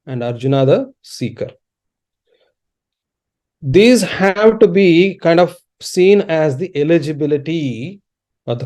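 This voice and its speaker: A man giving an online spiritual lecture as a teacher, explaining in a measured, unhurried way with pauses, over a video call. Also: fairly high pitch, mellow. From India. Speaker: teacher of Sanskrit and dharma.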